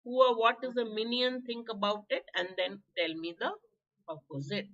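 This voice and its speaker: A hoarse woman with an Indian English accent teaching a live online vocabulary class, chatty, quizzing students by name and clearing her throat. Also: on the high side, normal speed, lo-fi sound. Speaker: exam prep teacher.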